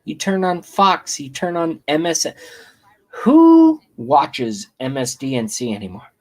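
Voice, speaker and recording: A man ranting on camera in a comic, profane political tirade, swinging between loud outbursts and hushed whispers. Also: a little high, wildly swooping pitch, a little slow, no room sound. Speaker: channel host ranting on camera. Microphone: webcam.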